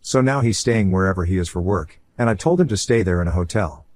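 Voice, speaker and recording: A man with a fairly low voice reads a first-person online story aloud. His delivery is casual and conversational, like someone recounting events to a friend. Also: fast, a little mellow. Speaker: story narrator.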